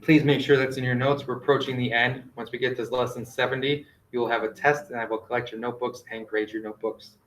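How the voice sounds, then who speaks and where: A male teacher giving a classroom math lesson, gently directing students and quizzing them with questions. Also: mid-range voice, fairly even intonation, fast talker, few pauses. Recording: echoey classroom.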